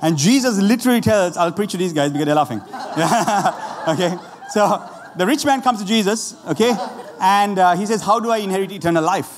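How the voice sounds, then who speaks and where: A man preaching a lively, conversational sermon, laughing often and talking straight to the congregation, with a Sri Lankan accent. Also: high-pitched, normal speed, background noise. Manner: animated, laughing often, asides to the audience. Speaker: pastor. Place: church hall. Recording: roomy church hall with faint ambience.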